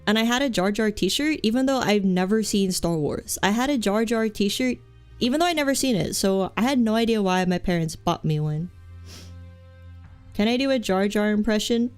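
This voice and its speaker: A woman's voice: mid-range voice, normal speed, clear, resonant tone, soft background music. A young woman streaming a game, chatting in a rambling, goofy, self-mocking way with many restarts. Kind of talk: live game stream chat.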